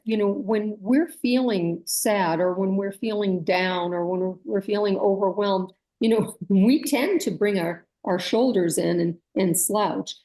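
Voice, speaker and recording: A woman co-hosting a coaching talk, speaking in a measured, reflective way about posture and texting. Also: medium pitch, warm tone, rough recording. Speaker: co-host coach. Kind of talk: casual educational chat.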